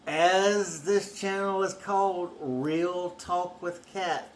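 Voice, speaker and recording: A man's voice: high-pitched, slow pace. A man, the host's husband, chatting casually with dry, sheepish jokes. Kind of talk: casual chat.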